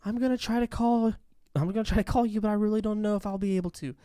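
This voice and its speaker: A man's voice: sits high, steady tone, quick pace, dark tone, clear, resonant tone, dry recording, clean studio sound, voice pushed up, natural voice. A man reading aloud a letter from a lovesick, angry teenage girl, heated and pleading. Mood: bitter.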